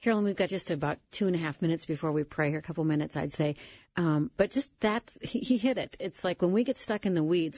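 A woman's voice: lowish voice, darkish tone, dry recording, dull audio. A woman hosting a Christian talk show, affirming her guests and asking them questions. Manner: encouraging, affirming interjections. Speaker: host.

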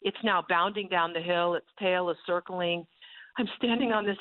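A woman's voice: mid-range voice, normal speed, no room sound. A woman guest telling a vivid, emphatic personal story over a tinny phone line.

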